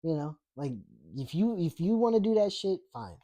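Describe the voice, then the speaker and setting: Speaking at a moderate pace, this male podcaster has a high, mellow, animated voice. His casual political rant is crude and blunt, full of fillers and false starts, and he keeps laughing as he reads out chat messages.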